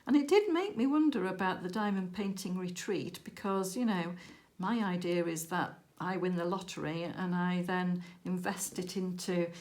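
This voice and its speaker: Chatty woman telling a story. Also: fairly low pitch. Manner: chatty storytelling with lively quoted dialogue. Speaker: crafting channel host. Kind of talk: casual chat while crafting.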